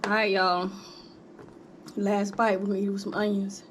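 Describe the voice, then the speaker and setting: A woman's voice: medium pitch, completely flat delivery, normal speed, slight background noise. A woman vlogging a mukbang in a casual, chatty way, calling her viewers "honey" and "y'all" between bites. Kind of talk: casual chat while eating.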